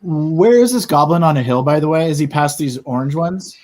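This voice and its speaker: A man's voice: a little high, a little fast, darkish tone. A man playing a tabletop game, explaining his moves in a rambling way full of fillers. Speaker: player. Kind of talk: casual tabletop play.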